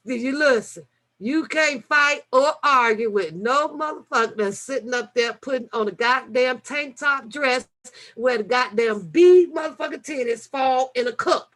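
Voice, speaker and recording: A woman, hosting a late-night casual chat and telling stories in a profane, animated way with laughter. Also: on the high side. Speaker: reaction channel host.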